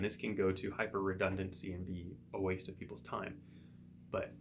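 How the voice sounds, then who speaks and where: A man, a psychotherapist hosting his own show, thinking aloud in a relaxed solo monologue with everyday examples. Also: fairly low pitch, creaky, slight background noise. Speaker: psychotherapist podcast host.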